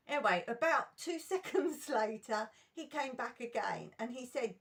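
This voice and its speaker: A middle-aged woman recounting school memories in an emotional, animated storytime vlog. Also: high voice, moderate pace, hardly any pauses.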